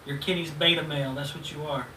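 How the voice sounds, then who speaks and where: A man's voice: a little high, steady tone, quick pace, bright, forceful tone. A man in his thirties ranting at a rival in a profane, taunting video reply, laughing mockingly at him. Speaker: channel host. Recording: roomy echo, distant mic, faint noise.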